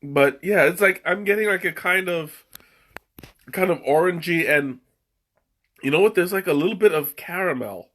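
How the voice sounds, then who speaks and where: A man with a high voice hosts a laid-back live stream while tasting tea, rambling, chuckling and often trailing off mid-sentence. He speaks at a moderate pace with a fairly bright tone, picked up by a webcam microphone.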